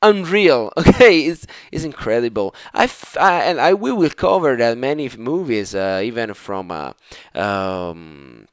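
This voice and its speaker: A man from Italy with an Italian accent, teaching an online Italian lesson, enthusiastic and repeating phrases slowly for pronunciation. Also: mid-range voice, very animated, dry recording.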